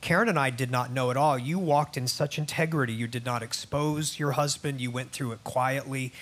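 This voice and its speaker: A man's voice: medium pitch, normal speed, a bit bright. A man hosting a Christian talk show, affirming his guest and asking her questions.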